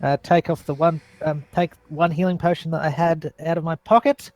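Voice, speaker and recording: A man lays out his character's actions at a tabletop game in a measured, stern way. The sound is dry, with no room echo. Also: a little high, fairly even intonation, darkish tone. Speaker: player.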